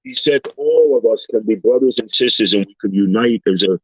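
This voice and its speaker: A male panel guest tells everyday stories in a relaxed, lively manner, impersonating the people he quotes. His voice is on the low side, husky and brisk. The sound is slightly dull and lo-fi, with no room ambience.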